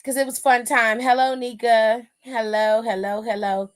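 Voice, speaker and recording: A woman's voice: a little high, level tone, moderate pace, clear, resonant tone. A young woman hosting a casual live-streamed wrestling recap, talking bluntly and with plenty of cursing. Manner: blunt, profane, dismissive. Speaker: wrestling aftershow host.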